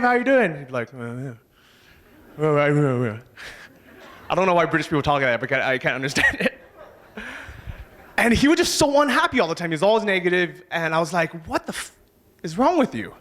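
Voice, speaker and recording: A man giving a motivational talk on a conference stage, casual and energetic, swearing now and then. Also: on the high side. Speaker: conference speaker.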